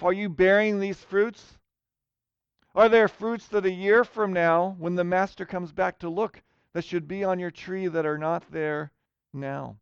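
A man's voice: sits high, creaky, clean tone, dry recording, highs cut off. A man preaching a sermon in an earnest way, rising to emphatic questions. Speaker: pastor.

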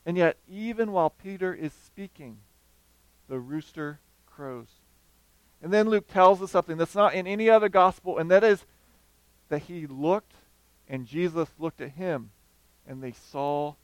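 A man with a high, smooth voice preaches a sermon, bringing the story to life and briefly voicing the people in it. The sound is dry and close, with no room echo. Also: moderate pace. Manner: animated storytelling, acting out quoted voices.

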